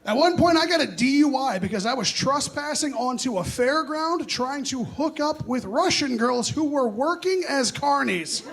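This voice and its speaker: High-voiced young male stand-up comic. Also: lively intonation, normal speed, vocal fry, hardly any pauses, slight background noise. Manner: self-deprecating, punchy, loud. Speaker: stand-up comedian. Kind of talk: stand-up set. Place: comedy club stage. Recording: live club audience laughing.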